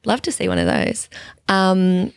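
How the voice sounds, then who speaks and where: A woman's voice: mid-range voice, wildly swooping pitch, measured pace, clear, resonant tone, no room sound, clean studio sound. A woman co-hosting a podcast in casual chat, with a chatty, laughing manner and some casual swearing. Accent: Australian. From Australia. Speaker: podcast co-host.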